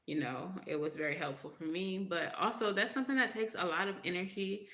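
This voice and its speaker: A woman's voice: on the low side, brisk, pushed and bright, echoey room. A woman tarot reader in casual livestream talk, emphatic, repeating her points and laughing often.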